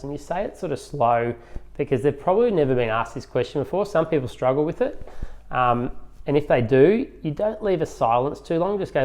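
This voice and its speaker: A man's voice: a little high, animated, brisk, darkish tone. A man who runs a photography studio, giving a casual, conversational lesson on client consultations and acting out bits of client dialogue. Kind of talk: instructional talk.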